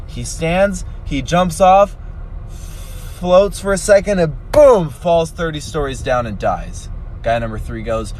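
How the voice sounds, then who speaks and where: A man's voice: fairly high pitch, expressive, slow pace, darkish tone, a little hiss or hum. Man casually telling a joke. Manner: casual storytelling with punchline build-ups.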